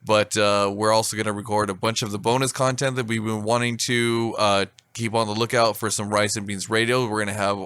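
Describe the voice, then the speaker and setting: A man's voice: on the low side, level tone, a little fast, few pauses, fairly bright tone, clear, resonant tone, dry recording. A man co-hosting a podcast, chatting casually, laughing along and wrapping up the episode. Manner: laid-back, laughing along, wraps up the show. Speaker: podcast co-host. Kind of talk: casual chat.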